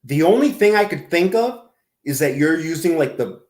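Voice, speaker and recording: A man mocking a clip in a sarcastic, crude reaction commentary with a drawn-out delivery. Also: fairly high pitch, animated, darkish tone. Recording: roomy, echoey room.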